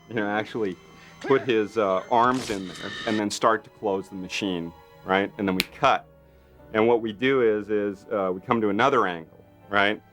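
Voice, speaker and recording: Animated man telling a behind-the-scenes story. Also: on the low side. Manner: animated, full of fillers, acts out quotes. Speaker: makeup effects artist interviewee. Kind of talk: documentary interview anecdote.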